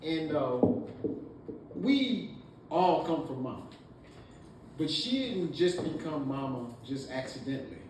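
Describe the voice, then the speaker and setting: Halting man speaking in an echoey hall. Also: on the high side, animated, darkish tone. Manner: halting, full of "uh" fillers. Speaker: son giving a birthday tribute. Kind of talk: family speech. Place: family party in a hall. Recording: echoey room, mic far off, noisy.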